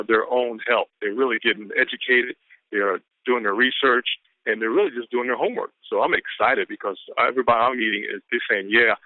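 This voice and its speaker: A man's voice: medium pitch, no echo. A man giving an exuberant, repetitive motivational pep talk on a business conference call, whooping often. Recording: tinny phone line.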